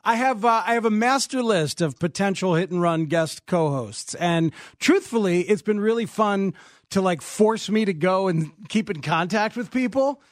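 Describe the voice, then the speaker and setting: A man's voice: high-pitched, normal speed, no echo, clean studio sound. A man hosting a sports radio show, interviewing a guest in casual chat with lots of fillers. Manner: relaxed, filler-heavy, uses "like" often.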